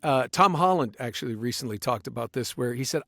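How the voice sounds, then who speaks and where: A man, a voice actor, talking as a guest in a casual interview, animated and full of restarts, now and then sliding into accents. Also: medium pitch, a little fast, vocal fry, dry recording, studio quality. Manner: animated, slips into accents and impressions, many restarts.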